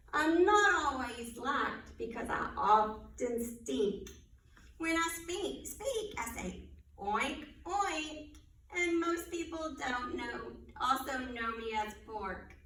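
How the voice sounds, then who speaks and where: A woman hosts a children's storytime in a library room, reading rhyming riddles slowly and encouragingly. Her high voice is bright and very animated. She sounds set back from the microphone, with an echoey room around her. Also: far from the mic, a little hiss or hum. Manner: gentle, encouraging, reads rhyming riddles aloud.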